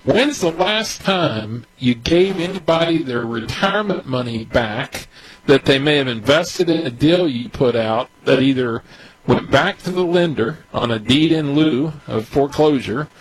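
A man who advises on real estate deals, talking unscripted and candidly, his voice climbing higher as he gets worked up. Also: rough recording. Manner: candid, grows agitated and higher-pitched. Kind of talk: unscripted commentary.

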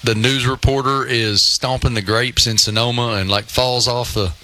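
A man's voice: mid-range voice, steady tone, normal speed, sharp tone, no room sound, low-quality recording. A man in his fifties co-hosting a sports talk show, telling self-deprecating stories in casual chat.

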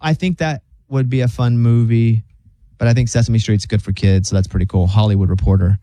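A man's voice: lowish voice, fairly quick. A man hosting a radio show, chatting casually and joking as he reads stories out. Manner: joking, animated storyteller who slips into silly voices.

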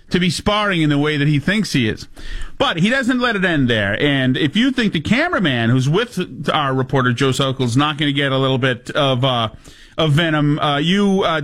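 A man's voice: a little high, a bit bright. A male talk host giving casual, sarcastic commentary, with frequent stumbling asides.

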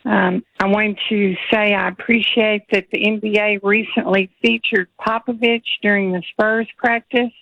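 A woman's voice: mid-range voice, flat delivery, a bit bright, no room sound. Woman calling in over a dull phone line. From Texas. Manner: friendly, halting with fillers. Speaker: radio caller. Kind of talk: casual call-in chat.

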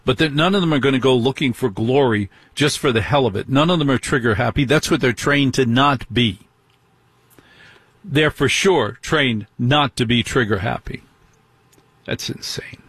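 A middle-aged male radio host holds forth in an indignant talk radio monologue. His voice is husky, sitting at an ordinary pitch, and the sound is dry and close with no room around it. He keeps firing rhetorical questions at his listeners. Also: moderate pace, fairly bright tone, no room sound.

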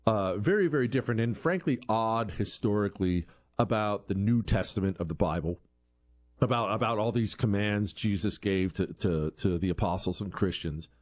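A man's voice: fairly low pitch, normal speed. A man giving an opinion monologue, asking rhetorical questions and acting out quoted voices, often repeating words as he restarts. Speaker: commentary show host.

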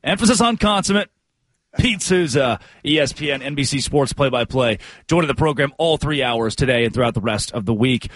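A man's voice: medium pitch, animated, a little fast, a little hiss or hum. A man hosting a morning sports talk radio show with a brash, hyped-up delivery.

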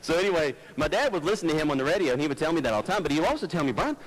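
Male pastor, chatty sermon, low-key folksy delivery, headset mic close to the mouth. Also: expressive, rapid-fire, low-quality recording. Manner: low-talking, folksy, digressive, stumbles and restarts. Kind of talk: conversational sermon.

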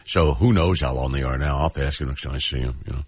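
A middle-aged man co-hosting a podcast in crude casual banter, rambling and self-deprecating, with a husky voice. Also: a bass voice, fast talker, dry recording. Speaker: podcast co-host.

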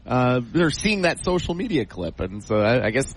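Lively co-host with animated pitch. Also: male voice, normal speed, breathy edge, poor audio. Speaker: sports radio co-host. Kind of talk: sports radio banter.

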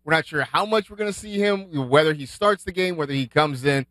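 A man's voice: on the high side, fairly quick, a bit bright, dry recording. A man hosting a casual pregame sports radio show, upbeat and asking his co-hosts questions. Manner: upbeat, asks guests questions. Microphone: studio microphone, dry.

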